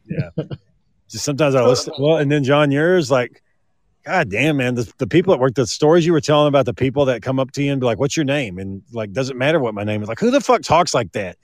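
A man's voice: medium pitch, fast, no room sound, studio quality. A man co-hosting a podcast, telling stories in casual chat and swearing freely. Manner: swearing, lively storytelling. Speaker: podcast co-host.

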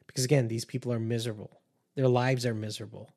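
A man's voice: mid-range voice, flat delivery, fast talker, a little mellow. A man hosting a podcast, talking to listeners in an earnest, conversational way and warning them. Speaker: podcast host and empath coach. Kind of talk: casual podcast monologue.

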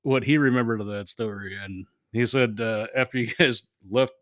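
A man's voice: medium pitch, normal speed, fairly bright tone, no room sound, studio quality. A man appearing as a podcast guest who laughs often and chimes in with short reactions. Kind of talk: casual chat.

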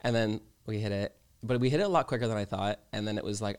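A man's voice: lowish voice, quick pace, smooth. A young man from California, a podcast guest chatting casually, rambling with many fillers and a self-deprecating tone. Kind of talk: casual chat.

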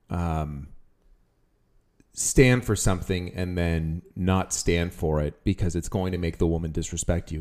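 A man's voice: low-pitched, mellow. A man co-hosting a relationship podcast, talking bluntly and frankly in casual chat. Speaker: podcast co-host.

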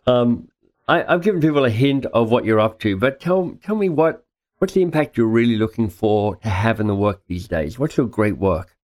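A man's voice: mid-range voice, animated, moderate pace, darkish tone. A man hosting a podcast interview, enthusiastic and joking in casual chat. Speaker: podcast host.

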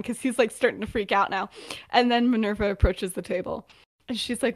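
A woman's voice: fairly high pitch, fairly even intonation, fast talker. A young woman co-hosting a podcast, retelling a story in casual chat, rambling with lots of fillers and acting out the quotes. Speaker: podcast co-host.

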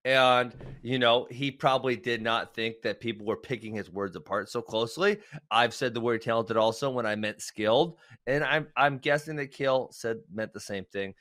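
Man, podcast co-host, casual chatter, laughs easily, dry dead sound, mid-pitched voice. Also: moderate pace, few pauses, a bit bright, dry recording. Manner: laughs often, chatty and loose. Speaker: co-host of a wrestling show. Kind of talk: casual chat.

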